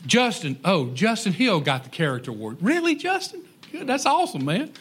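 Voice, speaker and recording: Folksy high-voiced preacher man. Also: huge pitch swings, brisk, fairly bright tone, husky. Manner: folksy, conversational, with joking asides to the congregation. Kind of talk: sermon on parenting.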